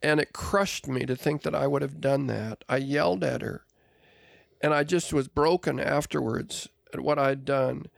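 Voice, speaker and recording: A man's voice: medium pitch, normal speed, vocal fry, no room sound, clean studio sound. An older man telling an earnest, confessional family story on a podcast. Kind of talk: casual podcast conversation.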